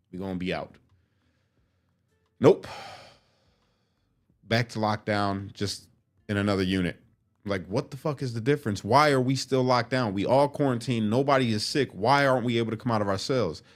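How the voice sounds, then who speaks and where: A man telling a story from his life in casual, profane talk, acting out what people said. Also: lowish voice. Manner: profane, animated, acts out quotes.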